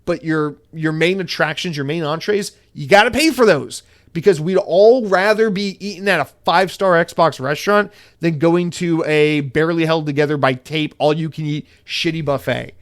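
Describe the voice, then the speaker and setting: A male podcast host delivers a solo rant, swearing freely and pushing his opinions hard. His voice sits a little higher than most men's. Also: normal speed. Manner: profane, animated and opinionated.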